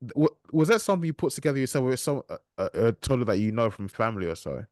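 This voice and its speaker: A man's voice: medium pitch, sing-song, quick pace, a little mellow, dry recording, studio quality. A man hosting a podcast interview, asking questions politely with a lot of hesitation. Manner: hesitant, many ums and restarts, polite. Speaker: podcast host.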